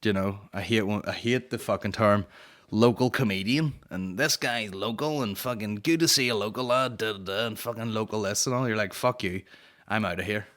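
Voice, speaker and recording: Casting: a young comic with a low, forceful voice and rambling, sweary podcast banter. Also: male voice, a little fast. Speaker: podcast host. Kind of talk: casual comedic rant.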